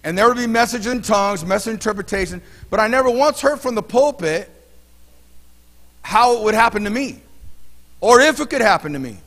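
A man's voice: high-pitched, lively intonation, brisk, fairly bright tone. A man preaching a sermon as pastor, talking in a loose, conversational way with personal stories and frequent restarts. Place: church sanctuary. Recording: long hall reverb.

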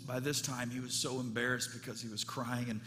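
Earnest pastor preaching over soft music. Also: male voice, medium pitch, level tone, a little fast. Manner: earnest storytelling that turns heartfelt. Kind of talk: sermon. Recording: long reverb, instrumental music behind.

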